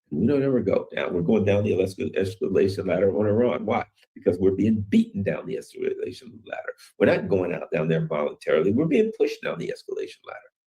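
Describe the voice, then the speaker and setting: Man, low voice, casual news commentary, rambling, rhetorical questions. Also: mellow.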